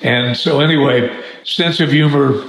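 A man hosting a podcast interview, telling an anecdote and a joke with lively energy and easy laughter. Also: medium pitch, measured pace, vocal fry, roomy sound, background noise. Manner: animated joke-teller, laughs easily. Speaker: podcast host. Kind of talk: conversational interview with storytelling.

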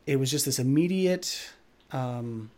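A male podcast host sharing a personal story in conversation. His voice sits at an ordinary middle pitch for a man. He talks in an earnest, reflective way and leaves his sentences loose with plenty of "like"s. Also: a little slow, a little mellow.

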